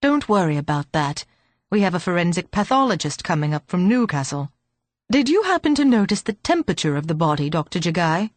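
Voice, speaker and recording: A woman voicing a brisk, thoughtful police chief inspector who asks clipped, businesslike questions. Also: sits high, very animated, no room sound.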